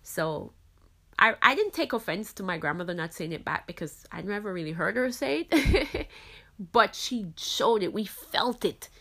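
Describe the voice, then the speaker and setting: Woman podcast host, Caribbean-raised, faith talk, earnest and reflective, middle pitch. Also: lively intonation, normal speed, fairly bright tone. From Caribbean islands. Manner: earnest, reflective, frequent "you know".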